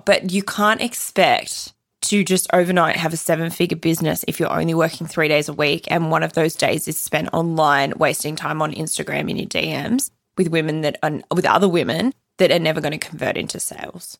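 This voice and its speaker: A woman's voice: sits low, fairly even intonation, brisk, vocal fry, dry recording, studio quality. A woman hosting a solo podcast, blunt and opinionated, swearing freely as she talks. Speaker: podcast host.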